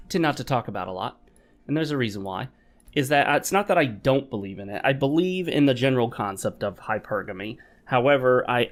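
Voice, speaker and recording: A man hosting his own gaming channel, talking to viewers in a rambling, chatty way while he plays at his home desk. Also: mid-range voice. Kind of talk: casual gameplay commentary.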